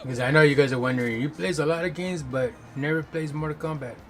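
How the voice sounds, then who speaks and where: A man's voice: a little high, fast. A male game streamer chatting casually with viewers, rambling and loose with lots of fillers and self-corrections. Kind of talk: casual chat.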